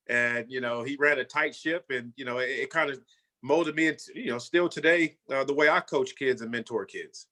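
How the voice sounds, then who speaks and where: A man's voice: medium pitch, bright, forceful tone. A man in his fifties, a former football player, telling his story in a casual way and often saying "you know" and "man".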